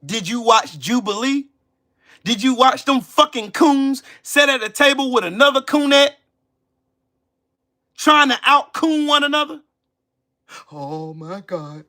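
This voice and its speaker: A man hosting his own channel, delivering an angry, profane, confrontational rant and shouting at times. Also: extremely high pitch, measured pace, pauses often. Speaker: channel host.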